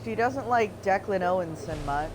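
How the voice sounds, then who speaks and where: A woman's voice: mid-range voice, lively intonation, normal speed. A woman chatting casually and bluntly while playing a game with a friend, laughing often. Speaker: gaming co-player. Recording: noticeable background noise.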